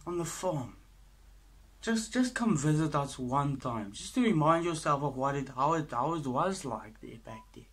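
A man playing a pushy, loud South African cousin in a comedy sketch, rambling and blustering with a South African accent. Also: on the high side, lively intonation, measured pace, voice pushed up.

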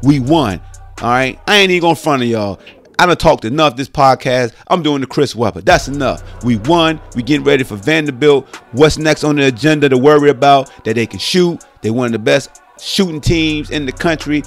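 Animated slangy man hosting a sports podcast. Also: medium pitch. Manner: animated, slangy, talks straight to listeners. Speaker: podcast host. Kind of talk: casual sports podcast rant.

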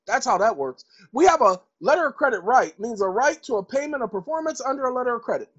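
A woman giving a casual lecture to viewers, reading legal definitions aloud and breaking into loud, emphatic asides with repeated phrases. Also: medium pitch, expressive, a little fast, husky, muffled recording. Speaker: online commentator.

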